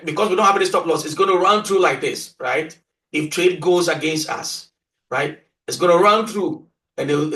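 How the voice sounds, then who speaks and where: A man's voice: on the high side, fairly bright tone. A man teaching a beginner trading lesson, who repeats his points and keeps prompting listeners with "right?" and "what?". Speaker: trading instructor. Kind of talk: screen-share tutorial lecture. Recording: echoey room, voice distant from mic.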